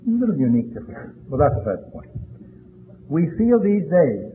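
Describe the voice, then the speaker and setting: A man's voice: on the high side, very animated, a little hiss or hum. Old man telling his story, tinny tape. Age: 80s. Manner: storytelling, chatty and deliberate with frequent fillers. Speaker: speaker sharing his story. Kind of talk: recovery meeting talk.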